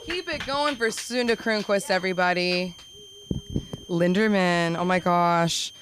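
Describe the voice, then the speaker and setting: A woman's voice: lowish voice, unhurried, noisy background. Give me a young woman doing a chatty, self-deprecating stand-up set at an open mic. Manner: chatty, self-deprecating, jumping into silly voices. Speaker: stand-up comedian. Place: comedy club stage.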